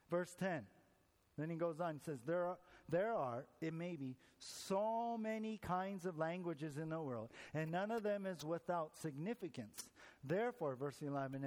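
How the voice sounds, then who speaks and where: Male pastor, chatty sermon delivery, slightly high voice, big reverberant hall. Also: a little mellow. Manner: conversational, tells jokes, asks the congregation questions.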